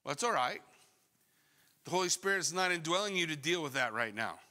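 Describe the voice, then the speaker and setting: A middle-aged male pastor preaching a sermon in a conversational, animated way, full of rhetorical questions. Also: fairly high pitch, a little fast. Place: church sanctuary. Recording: long church hall reverb.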